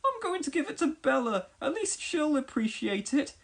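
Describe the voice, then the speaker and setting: A woman's voice: high-pitched, very animated, moderate pace, pitched above the performer's own voice. A woman voicing an eager young girl, a twin, in a storybook. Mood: huffy.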